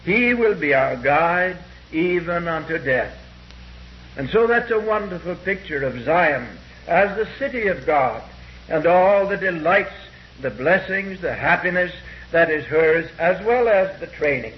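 A man preaching a sermon, quoting scripture slowly and deliberately and pausing often with "uh". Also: fairly high pitch, lively intonation, highs cut off. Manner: slow and deliberate when quoting scripture, with frequent "uh" pauses.

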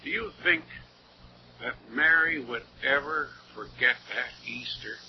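A man preaching a sermon and reading scripture aloud, with slow, emphatic delivery and wide swings in pitch and loudness. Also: slightly rough. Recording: dull lo-fi recording with faint hiss.

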